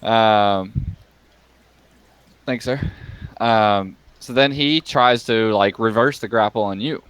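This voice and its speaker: A man's voice: fairly low pitch, slow pace, a bit bright, clear, resonant tone, dry recording. A young man running a tabletop game as game master, talking casually with lots of fillers and frequent laughter.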